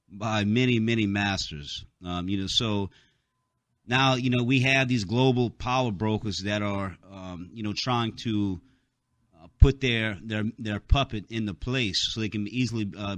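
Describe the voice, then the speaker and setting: A man's voice: on the low side, moderate pace, dry recording. A man hosting a talk radio show, rambling through a casual monologue with many fillers, and he has the hiccups.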